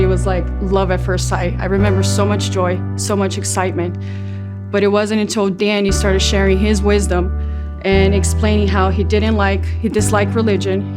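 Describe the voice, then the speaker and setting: A woman giving a slow, earnest personal testimony of gratitude at church. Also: medium pitch. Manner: earnest, grateful, slow and emotional. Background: guitar playing softly.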